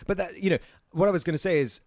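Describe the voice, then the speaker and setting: A man's voice: high voice, very fast, gravelly, a little mellow, no room sound, studio quality. A young man in his twenties co-hosting a podcast, chatting casually about films and often searching for words. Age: 20s. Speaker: podcast co-host. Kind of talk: casual film review chat.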